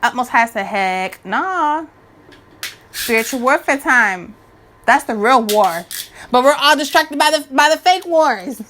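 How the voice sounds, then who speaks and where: A woman in her twenties giving a casual, slangy spiritual rant to her viewers, animated and preachy with many restarts. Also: high voice, normal speed. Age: 20s. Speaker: spiritual vlogger.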